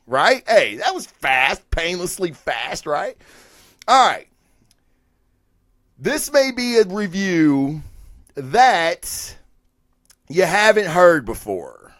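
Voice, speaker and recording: A man's voice: fairly high pitch, a bit bright, dry recording, clean studio sound. A man hosting a weekly live review show, talking casually in a rambling, profane way with lots of fillers and restarts. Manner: rambling, chatty and profane, with frequent fillers and self-corrections. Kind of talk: casual live-stream talk.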